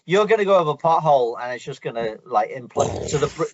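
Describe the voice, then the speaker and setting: Halting man hosting a casual chat. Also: mid-range voice, expressive, dull audio, slight background noise. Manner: halting, repeats words, restarts often. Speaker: host.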